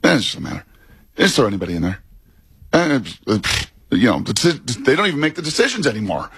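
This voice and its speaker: A husky-voiced male co-host speaks emphatically, piling up phrases for effect. The sound is dry and close, with no room echo. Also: mid-range voice, sing-song, fast talker, fairly bright tone. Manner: emphatic, builds lists and repeats for effect. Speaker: radio co-host, former ballplayer. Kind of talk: sports radio talk.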